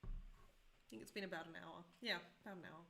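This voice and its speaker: Bright-voiced woman teaching code live. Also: on the low side, steady tone, moderate pace, vocal fry, slight background noise. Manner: chatty, self-deprecating, asks the chat questions. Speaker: coding teacher. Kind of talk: live-streamed coding tutorial.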